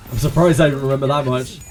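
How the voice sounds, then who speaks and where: A man from Cornwall, England, speaking with a Cornish accent in a medium-pitched, steady voice, talks briskly over soft background music. He chats and laughs often while streaming a video game, sometimes singing bits of sea shanties.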